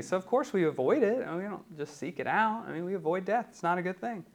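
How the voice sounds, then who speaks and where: Male pastor, higher-pitched, casual teaching sermon, filler-heavy, rhetorical asides. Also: lively intonation, fast, vocal fry, hardly any pauses. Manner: conversational, many ums and rhetorical "right?".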